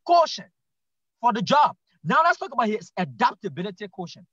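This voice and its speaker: A Liberian man with a strikingly high voice makes his case on a talk show, emphatic and repetitive, stumbling through restarts. The sound is dry and dull, a touch lo-fi. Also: big pitch swings, a little fast, fairly bright tone, dry recording. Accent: Liberian English. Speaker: guest commentator. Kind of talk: political talk show commentary.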